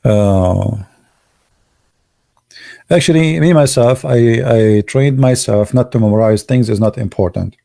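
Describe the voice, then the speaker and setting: A man whose first language is Arabic, telling stories casually in broken English, excitable and laughing at his own jokes. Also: mid-range voice, unhurried, creaky, pauses often. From Arab world. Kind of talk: casual storytelling monologue.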